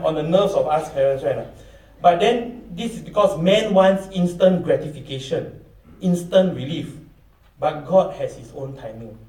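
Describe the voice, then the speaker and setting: A man's voice: fairly high pitch, warm tone, recorded from a distance. Man preaching a sermon in an echoey room. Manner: reads scripture aloud, acts out voices of questioners.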